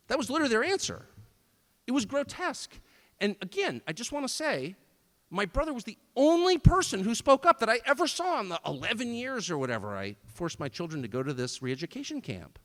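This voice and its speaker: A middle-aged man delivers a sarcastic, mocking speech with short laughs. His voice sits high and leaps all over the place. It rings out in an echoey hall. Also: big pitch swings, fairly quick, fairly bright tone. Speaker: speaker at a political event. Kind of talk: live speech to an audience.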